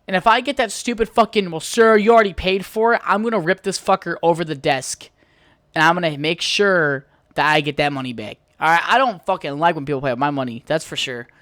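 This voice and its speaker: A podcast host from the United States rants on their own show, heated and full of swearing. The voice sits at a middling pitch and is recorded dry and close, with no room sound. The talk runs as one long, angry monologue. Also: a little fast, fairly bright tone, no room sound. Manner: profane, heated ranting. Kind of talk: solo podcast rant.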